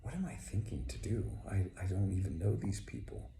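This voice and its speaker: A man playing a gentle old garden caretaker. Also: low voice, very animated, brisk, creaky, background noise, full character voice. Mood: pondering. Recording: echoey room.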